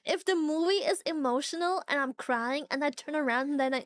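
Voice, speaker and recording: A young woman with a high voice chats with her stream viewers in a lively, unfiltered way. She swears freely and breaks into laughter often. The sound is close and dry. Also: normal speed, hardly any pauses, no echo. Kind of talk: casual chat reacting to viewers.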